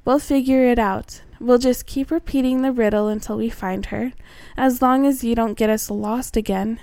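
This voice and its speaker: A woman's voice: a little high, fairly even intonation, moderate pace, dark tone, no room sound, lightly acted. A woman playing a bossy older mermaid sister.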